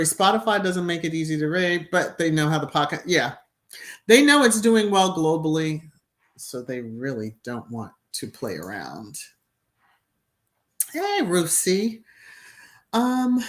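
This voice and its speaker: A middle-aged woman chats her way through a live stream, reading out viewer comments. Her voice sits low and her pace is slow and easy. She laughs readily and keeps breaking into short sung bits. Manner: chatty, laughs often, bursts into little sung phrases. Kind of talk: casual live-stream chat.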